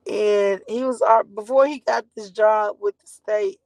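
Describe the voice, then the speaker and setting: This woman in her forties, a mother sharing her story, addresses viewers directly in a candid, blunt, rambling manner full of swearing. Her mid-range voice is steady, unhurried, and a little mellow, captured in a low-quality recording with no room sound.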